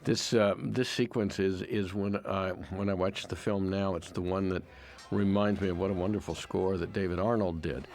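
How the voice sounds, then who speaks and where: A man with a low voice talking through a film as its producer. He sounds reflective and appreciative, often doubling a word as he gathers his thoughts. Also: fairly even intonation, normal speed, darkish tone. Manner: reflective and appreciative, with repeated words as he thinks. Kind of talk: audio commentary on a film.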